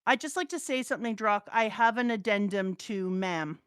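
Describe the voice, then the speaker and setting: A woman's voice: medium pitch, moderate pace, fairly bright tone, smooth, dry recording, clean studio sound. A middle-aged woman, the host's mother, chatting casually in a blunt, profane, laughing way. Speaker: co-host, mother of the host. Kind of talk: casual chat reading chat comments.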